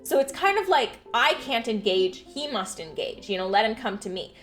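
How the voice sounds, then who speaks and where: A young adult woman streamer telling stories in a casual, animated chat, swearing freely. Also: on the high side, normal speed, soft background music.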